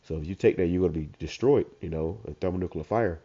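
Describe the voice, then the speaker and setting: A man with a stuffed-up voice who reads verses slowly, then comments on them in casual slang. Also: sits low, dark tone. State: congested, stuffed up. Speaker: street preacher. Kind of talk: informal scripture commentary. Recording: dull lo-fi recording.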